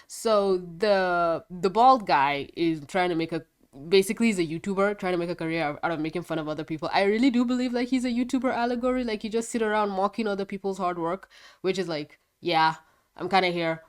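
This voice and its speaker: A woman with a congested voice chatting through a casual video review, rambling and quick to laugh. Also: mid-range voice, clean tone. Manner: a bit foggy and scattered. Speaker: show reviewer.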